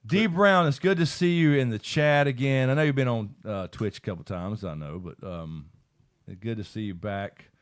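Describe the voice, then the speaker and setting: A man's voice: mid-range voice, moderate pace. A man co-hosting a live stream, reading chat in casual talk, laid-back, swearing and laughing often.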